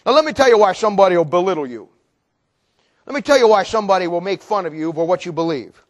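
A male preacher delivering a sermon in a very high voice. He talks in an animated, storytelling way, acting out the people he describes. He often stumbles over and repeats words as he builds momentum. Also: fast.

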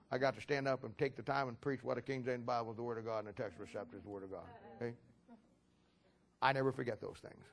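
A middle-aged male pastor telling stories from his own ministry during a sermon, building toward loud impassioned preaching. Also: medium pitch.

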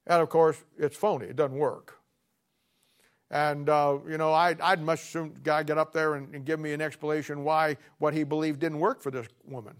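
A man's voice: a little high, little pitch movement, normal speed. A man preaching a sermon, telling a story with a sarcastic, folksy humor and reading scripture aloud.

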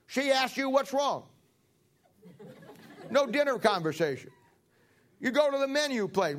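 A man's voice: very high voice, big pitch swings, unhurried, long pauses, a faint crowd, slight background noise. A man preaching a sermon in a folksy, joking way, acting out little everyday scenes. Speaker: pastor.

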